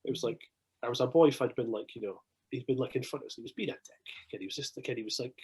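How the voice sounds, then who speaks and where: A man with a Scottish accent, swearing freely as he tells animated anecdotes in a casual podcast chat. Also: mid-range voice, fast, husky, low-quality recording.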